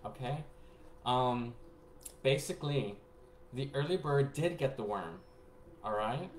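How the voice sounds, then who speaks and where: A man telling a rambling personal story to his viewers. He laughs often and swings between hushed asides and excited bursts. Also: medium pitch, slow. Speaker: spiritual reader and vlogger. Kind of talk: casual rambling storytelling to camera. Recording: echoey room with faint background noise.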